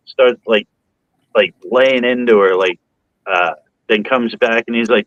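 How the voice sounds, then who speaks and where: A young man telling stories in casual chat, profane and animated, acting out what people said. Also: mid-range voice, measured pace, long pauses, no room sound, highs cut off.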